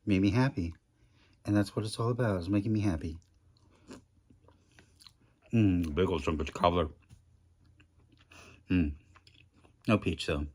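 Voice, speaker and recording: Middle-aged guy w a deep voice doing a chatty food review, jokes at his own expense. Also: unhurried, long pauses, darkish tone, slightly rough. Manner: chatty, self-deprecating, talks with mouth full. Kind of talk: casual rambling food review vlog.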